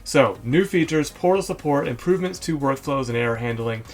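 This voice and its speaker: A man's voice: mid-range voice, animated, fairly quick, faint music behind. A man hosting a casual screen-share walkthrough, chatty and thinking aloud, correcting himself often with ums. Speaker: host of a software store review show.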